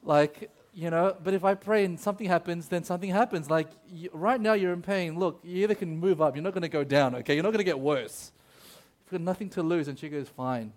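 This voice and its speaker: A man's voice: high voice, fast. A man preaching a sermon in a conversational way. He often checks in with the audience and tells a personal story with plenty of fillers and restarts. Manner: many fillers and restarts when telling stories.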